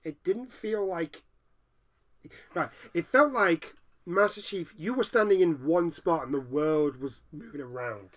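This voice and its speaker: Man, casual chat co-host, a touch high-pitched, exasperated rants. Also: measured pace, fairly bright tone. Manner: exasperated, ranting, restarts sentences. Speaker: podcast co-host.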